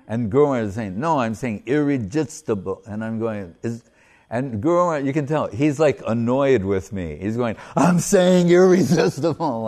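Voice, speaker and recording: Speaking in a medium-pitched, darkish voice, a man who works as a spiritual teacher gives a rambling, informal religious talk. He interrupts himself mid-phrase and chuckles at his own stories.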